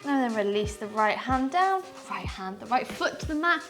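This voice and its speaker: Young female yoga instructor, high and bright, cueing poses and counting breaths over faint music. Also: lively intonation, normal speed. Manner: upbeat, counts breaths aloud while moving through poses. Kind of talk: guided yoga class instruction.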